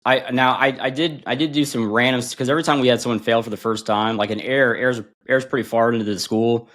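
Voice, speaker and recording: A man in his forties, a podcast guest and former bomb disposal instructor, telling stories in a casual, animated way and acting out quotes. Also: quick pace. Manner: animated, acts out quotes with big pitch jumps and laughs. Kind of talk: casual storytelling.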